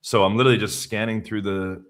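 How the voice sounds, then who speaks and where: Man, lowish voice, loose conversational guest, trails off mid-sentence, video call. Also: steady tone, fast. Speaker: dating coach, guest. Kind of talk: casual live-stream chat.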